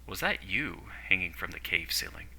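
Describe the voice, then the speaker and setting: A man's voice: low-pitched, very animated, normal speed, pushed and bright, exaggerated voice. Man voicing a defiant young captive. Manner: demanding, questioning.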